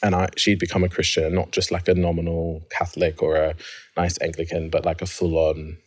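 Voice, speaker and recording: A man telling his personal story as an interview guest, reflective and quick to laugh. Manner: reflective, laughs often, rises high when excited.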